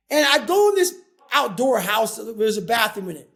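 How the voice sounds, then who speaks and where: A man in his forties tells a story as a podcast guest, driving hard on every point and swearing freely. His voice sits very high for a man, with a gravelly, rough edge. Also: normal speed, pushed and bright. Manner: intense, profane, emphatic. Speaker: guest, former Navy SEAL and endurance athlete.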